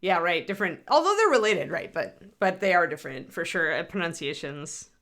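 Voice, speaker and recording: A woman's voice: on the low side, sing-song, a little fast, a bit bright. A middle-aged woman hosting a casual livestream, chatting in a rambling way and answering viewers while painting miniatures.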